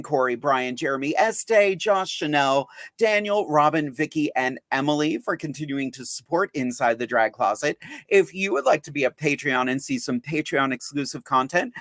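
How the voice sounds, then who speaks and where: A man's voice: a little high, fairly bright tone, dry recording. A man who is a drag artist hosts a live podcast in a chatty, upbeat and self-mocking way. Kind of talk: casual livestream chat.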